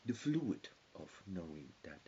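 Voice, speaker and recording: A man's voice: low-pitched, very animated, unhurried, mellow. A man in his forties rambling in a disjointed stream of consciousness, often dropping into whispers. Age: 40s. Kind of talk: rambling monologue. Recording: dull hissy lo-fi recording.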